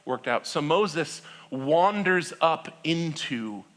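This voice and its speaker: Casting: male pastor, 30s, storytelling sermon, bright voice, slightly high, chatty asides. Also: slow. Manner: animated storytelling, acting out quoted voices; conversational with frequent "right?" and laughs.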